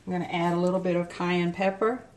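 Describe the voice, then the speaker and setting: A slightly low-voiced woman talks her way through a home recipe in a casual, chatty way, her mouth still numb from the dentist. Pots and dishes clatter around her in a noisy home kitchen. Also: steady tone, quick pace. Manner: chatty, explains each step as she goes. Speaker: home cook. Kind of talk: casual cooking demonstration.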